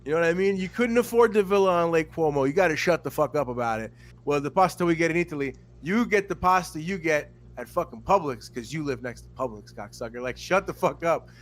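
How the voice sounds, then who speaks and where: A man co-hosting a podcast, in casual profane chat, animated and full of mimicry. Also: on the high side, a little fast, hardly any pauses. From Miami. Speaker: podcast co-host.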